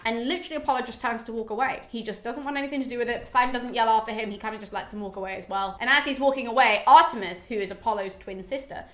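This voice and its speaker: A woman's voice: a little high, rapid-fire, few pauses, a bit bright. Chatty British woman in a roomy room. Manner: chatty, swears freely, many "like" fillers. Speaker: mythology podcast host. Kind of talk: casual retelling of a classic poem. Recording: roomy echo.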